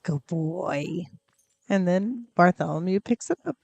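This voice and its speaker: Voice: mid-range voice, a little slow, gravelly, darkish tone, no echo. A game streamer in casual gameplay commentary, chatty and rambling, cooing at pets in the game, close to a desk mic.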